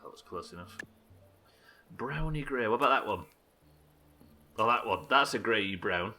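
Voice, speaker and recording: A young man streaming a building game live, commenting as he plays and bantering with viewers in an animated, sweary, self-mocking way. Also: lowish voice, normal speed, soft background music.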